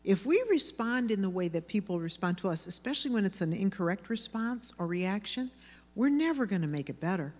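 A woman's voice: mid-range voice, a little fast. Earnest woman preaching in an echoing hall. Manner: earnest, lively storytelling. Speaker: women's Bible teacher. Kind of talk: sermon to women.

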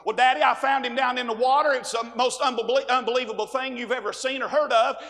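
A man's voice: very high-pitched, fairly even intonation, fast talker, a bit bright. A man voicing a young princess coaxing her father, with long hall reverb.

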